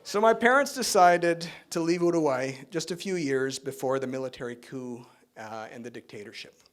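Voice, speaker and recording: A middle-aged man giving a keynote speech at an awards event, in a relaxed, conversational way with joking asides, many fillers and tag questions. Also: mid-range voice, moderate pace. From Spain, raised in Canada. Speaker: keynote speaker.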